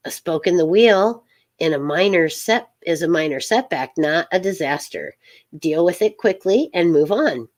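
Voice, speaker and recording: A middle-aged woman hosting a casual live tarot reading, rambling and halting, with many fillers and soft laughs. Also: lowish voice, expressive.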